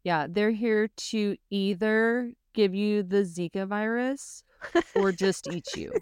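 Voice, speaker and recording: A woman's voice: mid-range voice, takes it slowly, a little mellow, clean tone, dry recording. A woman co-hosting a podcast in casual chat, joking and adding wry asides. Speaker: podcast co-host.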